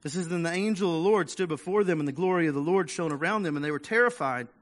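A man's voice: a little high, fast talker. A man preaching a conversational sermon as pastor, restarting words and acting out the voices of people in the story.

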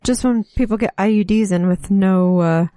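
A woman chatting on a casual podcast, wry and matter-of-fact in how she puts things. Her voice is mid-pitched. The sound is dry and close to the mic. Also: moderate pace, dark tone, no room sound. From Utah. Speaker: podcast guest co-host. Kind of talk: casual chat.

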